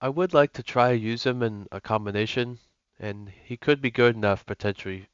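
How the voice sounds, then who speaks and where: A man's voice: mid-range voice, moderate pace, smooth, no room sound. A young man giving casual gameplay commentary as a gaming YouTuber, rambling with lots of fillers and restarts. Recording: lo-fi with music and mains hum.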